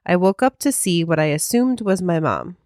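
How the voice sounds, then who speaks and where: A woman co-host chatting in a casual, rambling way, with a fairly low voice. The sound is dry and close, with no room echo. She hedges often as she thinks aloud. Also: animated, normal speed, darkish tone. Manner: rambling, hedging with "I mean" and "um". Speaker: podcast co-host. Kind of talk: casual chat and reading listener mail.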